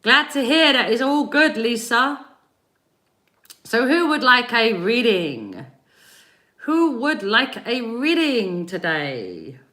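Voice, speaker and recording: In a casual livestream from her home in Spain, a British spiritual reader greets viewers by name and laughs often. Her fairly high voice swings widely in pitch, sounds pushed and bright, and moves slowly.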